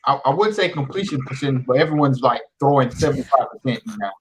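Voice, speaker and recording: A man's voice: medium pitch, fast. A man in easygoing casual chat on a live stream.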